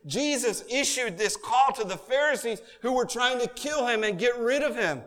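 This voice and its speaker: A man with a high voice preaches a sermon in a church. His delivery swings between quiet, intimate pleading and loud, fervent calls. The room gives his words a long, ringing reverb. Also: expressive, normal speed, hardly any pauses. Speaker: pastor. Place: church sanctuary.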